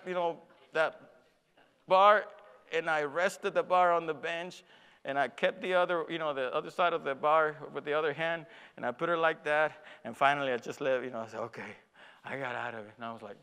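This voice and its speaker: A man's voice: on the high side, moderate pace, gravelly, pushed and bright, clean tone, in a large hall. A man preaching a sermon, telling a personal story with acted-out dialogue and self-deprecating laughter. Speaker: pastor.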